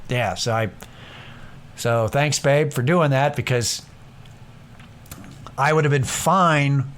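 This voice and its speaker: A man's voice: medium pitch, slow, a bit bright, clean tone. A young man hosting a casual solo podcast, rambling and self-deprecating, swearing freely and acting out what others said. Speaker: podcast host.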